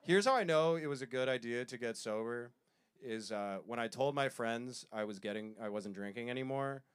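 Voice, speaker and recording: A man telling stories in a stand-up comedy set, self-deprecating, with quick asides. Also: medium pitch, clear, resonant tone.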